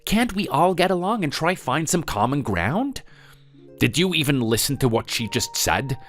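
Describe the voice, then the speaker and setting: An actor playing a calm husband who tries to settle a family quarrel in a scripted text-story drama, soothing and placating. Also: male voice, on the high side, normal speed, soft background music.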